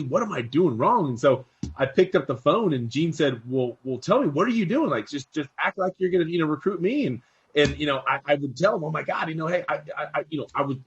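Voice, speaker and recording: A man excitedly telling a personal story, rambling with fillers and restarts. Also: on the high side, highs cut off. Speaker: interview guest.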